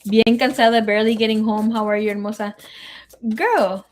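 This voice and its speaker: A woman's voice: a little high, fairly even intonation, moderate pace, darkish tone. A woman tarot reader chatting casually on a live stream. She reads viewer comments aloud and drops Spanish words into her English. She sounds emotional and grieving.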